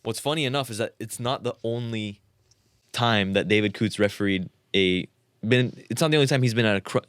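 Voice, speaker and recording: A young man in his twenties co-hosting a football podcast, rattling through match incidents at speed. His voice sits fairly low and dry on the mic. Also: fairly bright tone, smooth, dry recording. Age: 20s. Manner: rapid recounting of match facts. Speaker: podcast co-host. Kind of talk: casual football podcast chat.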